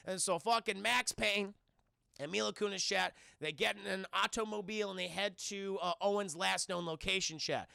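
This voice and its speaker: A man casually recapping a film for his stream chat, animated and swearing freely as he addresses the chat. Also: high-pitched, moderate pace, gravelly, clean tone, no room sound, studio quality.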